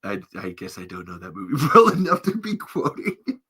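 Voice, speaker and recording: Male podcast host, rambly and giggly, very bright tone. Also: low voice, brisk, slightly rough. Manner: rambling, animated, laughs often. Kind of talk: casual chat.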